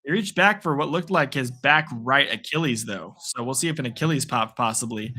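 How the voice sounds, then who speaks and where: Bright-voiced man calling a game live. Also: medium pitch, a little fast. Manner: playful, rambling, jokey. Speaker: sports stream host. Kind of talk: live play-by-play reaction commentary.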